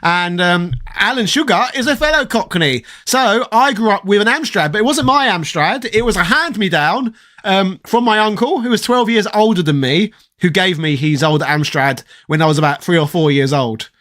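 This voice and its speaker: A man of around forty speaks in a put-on posh English accent, a persona voice he keeps up over his London upbringing. His voice sits a little high. He chats loosely and bluntly as a stream host reading comments, swearing as he goes. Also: expressive, normal speed, fairly bright tone. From southeast London, England. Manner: mock-posh, opinionated, swears freely. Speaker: host reading live chat. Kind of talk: casual livestream chat.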